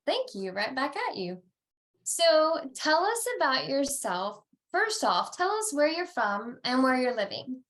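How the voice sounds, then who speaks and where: Podcast host, woman, fairly high voice, enthusiastic and upbeat, quick to laugh. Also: very animated, fairly bright tone. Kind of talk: podcast interview.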